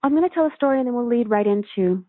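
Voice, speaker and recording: A woman's voice: on the high side, animated, no room sound. Earnest woman guest over a tinny line. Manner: earnest, soothing, slow when guiding. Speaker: spiritual teacher and guest. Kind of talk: storytelling and guided meditation. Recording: tinny phone line, dry.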